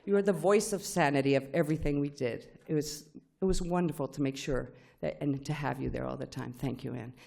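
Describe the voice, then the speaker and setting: A middle-aged woman whose first language is Spanish, giving a lively personal tribute speech with acted-out quotes. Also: low-pitched, fairly quick, gravelly, hardly any pauses, a little hiss or hum. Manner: animated storytelling with acted-out quotes. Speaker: speaker at a tribute event.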